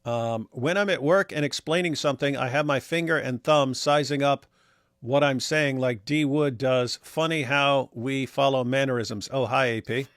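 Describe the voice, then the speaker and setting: A man's voice: medium pitch, fairly even intonation, moderate pace, a bit bright, no echo, studio quality. A man co-hosting a casual livestream, reading viewer messages aloud and commenting in a wry, rambling way with many restarts. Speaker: livestream co-host reading super chats.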